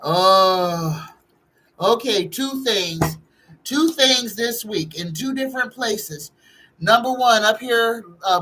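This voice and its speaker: A woman's voice: lowish voice, fairly bright tone, poor audio. A woman, a psychic host chatting casually on a live-stream tarot reading, reading viewer questions aloud and greeting chatters by name.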